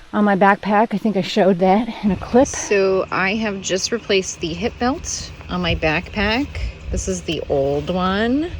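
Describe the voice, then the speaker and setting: A woman's voice: lowish voice, slight background noise. A woman casually narrating her hiking vlog outdoors, chatty and thinking aloud with fillers, speaking into a handheld camera. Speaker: thru-hiking vlogger. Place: outdoors on a forest trail.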